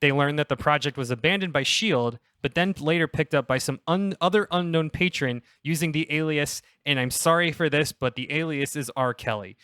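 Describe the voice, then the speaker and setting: A young man on a casual comedy podcast, pitching a story in a rambling, self-interrupting way and laughing at his own jokes. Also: moderate pace, few pauses, fairly bright tone, smooth, dry recording, studio quality.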